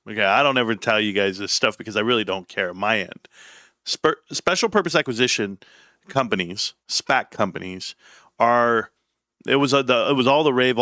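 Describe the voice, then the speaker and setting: A man's voice: lowish voice, pushed and bright, no echo, clean studio sound. A man hosting a casual livestream, rambling and joking irreverently as he talks. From United States. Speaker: livestream host. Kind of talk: casual stream commentary.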